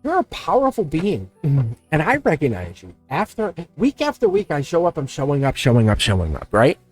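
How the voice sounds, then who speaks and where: A man giving a live tarot reading, talking straight to his viewers in an animated, repetitive way and chuckling often. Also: fairly high pitch, a little fast, husky, dry recording, faint music behind. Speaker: tarot reader.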